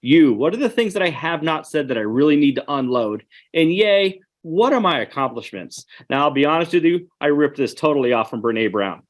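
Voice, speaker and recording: A man's voice: a little high, sing-song, brisk, hardly any pauses. A man giving an online webinar presentation, earnest and conversational, speaking straight to his audience.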